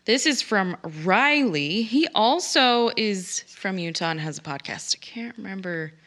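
A woman's voice: medium pitch, lively intonation, unhurried, fairly bright tone. A woman co-hosting a podcast in casual chat, reading listener questions and laughing often. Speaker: podcast co-host.

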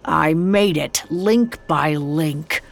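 A woman's voice: low voice, extremely slow, vocal fry, exaggerated voice. Woman voicing a grim chained old ghost. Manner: grave, solemn warnings.

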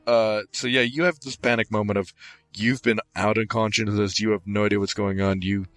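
A man with a lowish voice narrating as game master, describing scenes in a halting, descriptive way full of fillers. The sound is close and dry, with no room echo. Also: level tone, fairly bright tone.

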